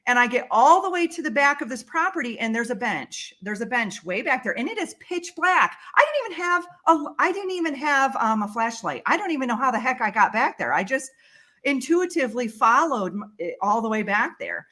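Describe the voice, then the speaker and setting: A woman, a guest on a talk show, telling a personal story with lively, emotional delivery. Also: on the high side, a little fast. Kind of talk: storytelling in a casual interview.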